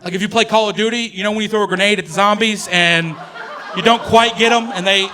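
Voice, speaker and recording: Bright high-voiced male comedian. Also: steady tone, fast talker, a little hiss or hum. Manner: chatty, laughing through lines, self-correcting. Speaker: stand-up comedian. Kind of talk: stand-up comedy. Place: comedy stage before an audience.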